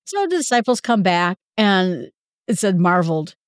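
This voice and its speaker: A woman's voice: lowish voice, big pitch swings, moderate pace, dry recording, studio quality. A woman giving a casual Bible lesson in a conversational way, retelling scenes in everyday speech. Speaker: Bible teacher.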